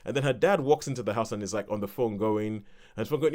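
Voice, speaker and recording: A man's voice: mid-range voice, very fast, darkish tone. A man co-hosting a podcast, chatting casually and rambling through a review with laughs between points. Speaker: podcast co-host.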